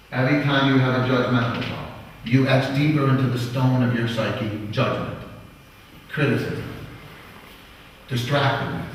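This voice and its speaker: A man's voice: mid-range voice, a little hiss or hum. A man teaching yoga in a lecture to a live audience, blunt and profane, acting out little quoted voices as he goes. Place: yoga studio hall. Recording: echoey hall recorded from far off.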